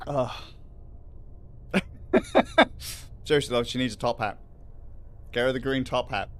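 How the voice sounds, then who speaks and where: A man's voice: mid-range voice, measured pace. A man hosting a livestream in casual, rambling chat, swearing freely and laughing often. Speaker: livestream host.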